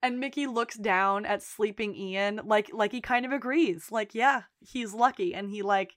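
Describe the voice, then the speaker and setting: A woman's voice: medium pitch, no room sound, clean studio sound. A woman co-hosting a podcast, eagerly recapping TV episodes in casual chat and swearing freely. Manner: excited, profane, rapid storytelling. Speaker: podcast co-host.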